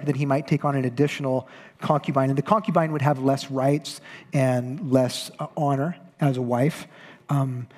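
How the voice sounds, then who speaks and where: A man's voice: on the high side, darkish tone. Chatty man preaching in a reverberant hall. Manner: conversational storytelling with playful voiced asides. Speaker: pastor. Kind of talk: sermon. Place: church sanctuary.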